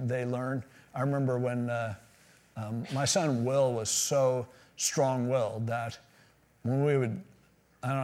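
A man's voice: fairly high pitch, a little mellow. A middle-aged man preaching a sermon in a conversational way, with casual asides and quoted voices. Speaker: pastor.

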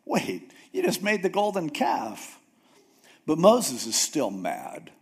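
A man preaching a sermon, retelling a Bible story in a casual, animated way with jokes and acted-out voices. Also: a little high, slow, slightly rough. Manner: animated storytelling, acts out characters with jokey asides. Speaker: pastor.

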